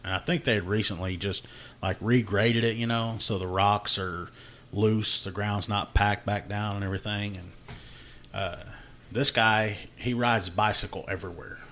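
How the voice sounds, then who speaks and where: A man's voice: lowish voice, steady tone, normal speed, a bit bright, slight background noise. A man, hosting a casual podcast chat and telling a work story with plenty of laughter and acted-out dialogue. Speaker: podcast host, law enforcement officer.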